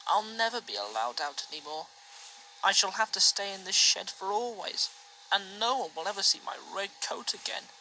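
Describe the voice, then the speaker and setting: A woman's voice: medium pitch, very animated, moderate pace, pushed and bright, slight background noise, rough recording. A woman voicing a young male steam engine in a storybook reading, sorry at first and then determined. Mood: sad.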